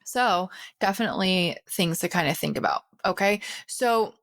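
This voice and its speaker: A woman's voice: medium pitch, moderate pace, no echo. A woman hosting a health podcast in her thirties, talking casually and checking in with frequent "okay?" asides. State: out of breath. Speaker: podcast host. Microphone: podcast recording setup.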